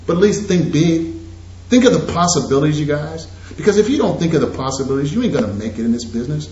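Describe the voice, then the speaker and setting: A man giving an energetic real estate investing seminar, talking straight to his audience. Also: high voice. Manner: animated, preachy, addresses audience directly. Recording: echoey lo-fi room recording.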